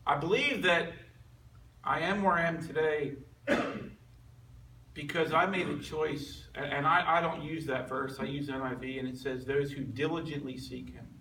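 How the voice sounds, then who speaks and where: A man's voice: on the high side, normal speed, bright, forceful tone, a little hiss or hum. A man giving an earnest personal testimony to a men's group, telling his story in a conversational way. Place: meeting room with a group listening. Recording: echoey room recorded from far off.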